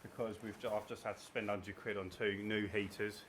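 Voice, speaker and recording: An English man hosting a podcast in relaxed casual chat, laughing often and chipping in with questions. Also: on the low side, a little fast, slight background noise. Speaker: podcast host.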